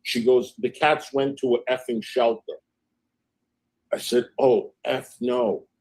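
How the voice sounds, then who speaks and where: A man's voice: mid-range voice, fairly even intonation, slow pace, darkish tone, slightly rough, poor audio. A man hosting a casual livestream, reading out text message exchanges in a chatty, gossipy retelling. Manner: frequent fillers, "I said, she goes" storytelling. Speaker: livestream host.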